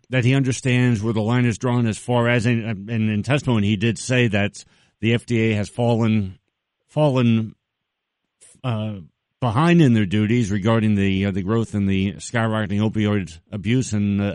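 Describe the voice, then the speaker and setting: A man hosting a radio interview, reading an intro and then asking halting questions full of "uh" restarts. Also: on the low side, darkish tone, no echo, studio quality. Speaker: radio host.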